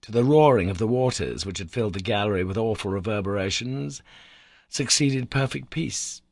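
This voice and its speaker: A man's voice: fairly low pitch, lively intonation, quick pace, darkish tone, no echo, studio quality. A man reading a classic adventure novel aloud as first-person narration, telling it with dramatic emphasis. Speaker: audiobook reader.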